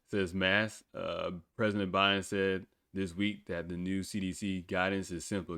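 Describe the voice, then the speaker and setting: A man's voice: deep voice, little pitch movement, normal speed, hardly any pauses, bright, forceful tone, clear, resonant tone, dry recording, clean studio sound. A man hosting a podcast in a casual, blunt way, swearing freely and laughing often as he talks. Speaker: podcast host. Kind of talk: casual talk.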